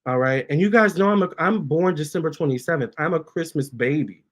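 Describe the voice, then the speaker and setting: A man's voice: on the high side, a little fast. A man, a tarot reader, chatting casually on his livestream, reading viewer comments aloud and cooing at his cats. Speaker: tarot reader and channel host.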